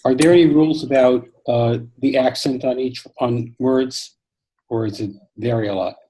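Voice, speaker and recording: A man's voice: medium pitch, steady tone, moderate pace, dark tone, husky, low-quality recording. A man attending an online class as a student, asking a question with hesitant fillers. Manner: inquisitive, hesitant.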